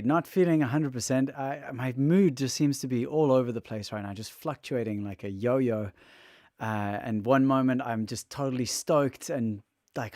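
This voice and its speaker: A man's voice: medium pitch, darkish tone, dry recording, studio quality. A man chatting openly on a livestream, feeling exhausted and emotional, his throat raw, rambling and restarting his sentences. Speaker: livestreamer and musician. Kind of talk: casual livestream chat.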